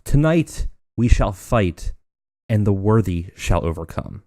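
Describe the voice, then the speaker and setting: A man's voice: on the low side, expressive, slow, warm tone, dry recording, studio quality. A man reading as a proud wrestling champion. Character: proud male wrestling champion cutting a promo.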